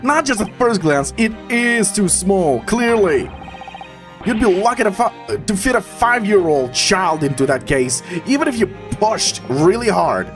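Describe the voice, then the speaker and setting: A man's voice: high-pitched, very animated, measured pace, voice pushed up. A man with a Russian accent reading the lines of an earnest young male lawyer, raising his voice to sound eager and insistent, with game music behind.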